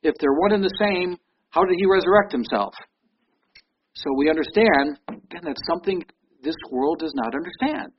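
High-voiced man preaching a sermon. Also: dull audio, a little hiss or hum. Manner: conversational preaching, reads scripture aloud. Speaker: pastor.

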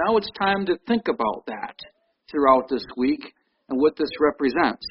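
A man's voice: a little high, very animated, moderate pace, lo-fi sound, a little hiss or hum. A man preaching a sermon in a conversational way, reading scripture aloud. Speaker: pastor.

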